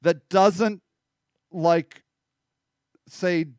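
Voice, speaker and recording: A man's voice: high-pitched, expressive, measured pace, smooth, no room sound, studio quality. A middle-aged man hosting a political talk show, chatting loosely, rambling and joking, answering viewers by name. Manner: rambling, joking, laughs often; talks back to viewer comments. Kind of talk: casual chat.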